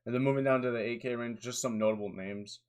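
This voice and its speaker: A man's voice: medium pitch, fairly even intonation, quick pace, smooth. A young man in his twenties giving rambling, tired solo commentary on fantasy golf picks, with lots of fillers and restarts.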